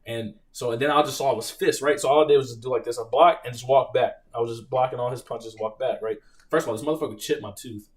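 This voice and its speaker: Man, young adult, live stream host, casual Q&A, animated storytelling, mid pitch, somewhat distant mic. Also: fast. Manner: reads viewer questions, animated profane storytelling.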